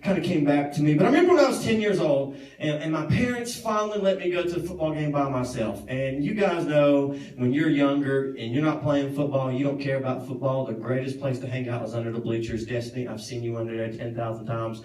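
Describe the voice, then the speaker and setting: A man's voice: mid-range voice, a little fast. A young man in his twenties, a youth pastor, telling a story in his sermon, joking with the crowd and acting out what people said. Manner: animated, jokey, acts out quotes, banters with the crowd. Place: youth service room. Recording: echoey room, mic at a distance.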